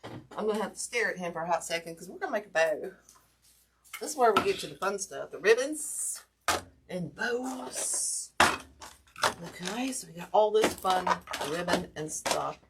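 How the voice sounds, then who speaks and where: A woman's voice: on the low side, expressive, a little slow, very noisy. A woman, chatting casually to viewers while demonstrating a craft project live. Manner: chatty, talks to viewers directly, self-deprecating. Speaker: wreath-making class host.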